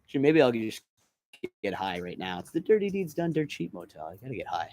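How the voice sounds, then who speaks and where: A man's voice: on the low side, very animated, fast, a little mellow. Rambling, profane man live-streaming outdoors. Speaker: vlogger. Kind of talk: live-streamed walking vlog. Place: outdoors at a motel parking lot in light rain.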